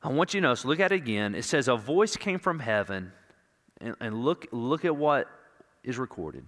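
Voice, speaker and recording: A male pastor preaching an impassioned sermon, swinging from loud declarations to hushed, intimate moments and repeating words for emphasis. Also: medium pitch, expressive, normal speed. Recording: long reverb of a large hall.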